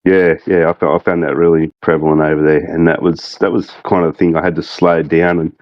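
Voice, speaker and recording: A man's voice: low-pitched, flat delivery, fairly quick, no room sound, highs cut off. A man with a thick Australian accent, chatting as a podcast guest in a rambling, laid-back way. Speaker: guest, game mod creative director. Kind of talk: casual podcast chat.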